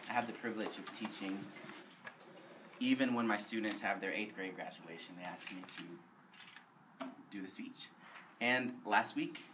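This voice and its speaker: A man who teaches middle school, talking to a live audience and then performing a spoken word poem with rhythmic, measured delivery. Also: on the low side. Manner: playful, leads the crowd in call and response. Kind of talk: spoken word poetry reading at a live event. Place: live reading event. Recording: distant mic with faint room noise.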